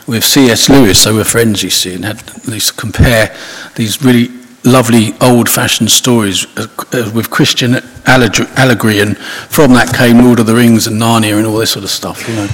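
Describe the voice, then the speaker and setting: A man's voice: lowish voice, steady tone, moderate pace, fairly bright tone. A man giving an informal, conversational sermon, rambling with restarts and asides. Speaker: preacher. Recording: husky voice in long hall reverb.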